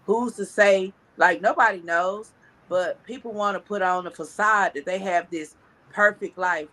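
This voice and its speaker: A man co-hosting a casual commentary chat, talking reflectively and haltingly with many pauses. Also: sits high, sharp tone. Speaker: co-host.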